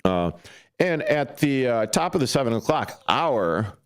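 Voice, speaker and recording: A man's voice: mid-range voice, very animated, unhurried, clean tone, dry recording. A man hosting a casual sports talk radio show from a studio, talking in a loose, rambling way with plenty of fillers and restarts. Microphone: studio microphone.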